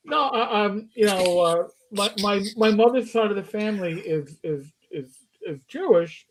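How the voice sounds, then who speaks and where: A man with a notably high voice telling a long, rambling story on a talk show. He acts out what each person said, stumbling and restarting as he goes. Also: expressive, moderate pace, hardly any pauses, poor audio. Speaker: podcast co-host. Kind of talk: casual storytelling.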